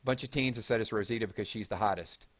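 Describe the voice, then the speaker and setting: Male livestream host, Southern drawl, a bit low-pitched, casual and talkative with chat. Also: fast. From Georgia, US. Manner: chatty, reads chat aloud and gives shout-outs.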